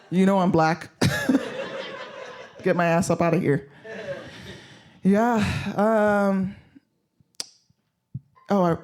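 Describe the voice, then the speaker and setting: A comedian with a high, slightly mellow voice performs stand-up live at a comedy show venue. He's blunt and self-mocking, drops plenty of swear words, and speaks directly to the people watching.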